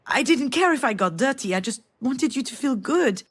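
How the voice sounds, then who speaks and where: An actress playing a weary middle-aged mother who tells a family memory softly and intimately in a video game. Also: high-pitched, lively intonation, moderate pace, husky, exaggerated voice. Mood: tender. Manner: soft, intimate storytelling. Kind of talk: game voice acting.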